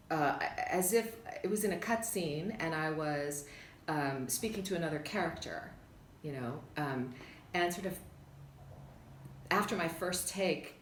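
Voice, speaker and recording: A woman with a low voice tells reflective, rambling stories about her voice-acting work in a casual interview. The room is echoey, with faint ambience behind her. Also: a little hiss or hum. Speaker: voice actress.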